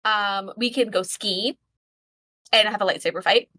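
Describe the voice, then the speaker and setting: A woman voicing a playful young woman who confides in a low, hushed way. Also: fairly even intonation, unhurried. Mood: conspiratorial.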